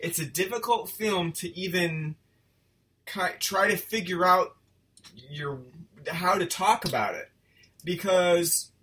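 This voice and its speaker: A man's voice: sits high, takes it slowly, pauses often. A man co-hosting a casual film review podcast, rambling and joking at his own expense. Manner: rambling, self-deprecating, lively. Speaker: podcast co-host.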